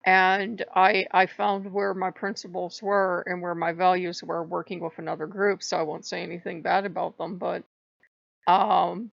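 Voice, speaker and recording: A woman's voice: lowish voice, little pitch movement, moderate pace, vocal fry, no room sound. A woman in a personal spiritual vlog who rambles emotionally and laughs often. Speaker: spiritual vlogger. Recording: dull lo-fi, dry.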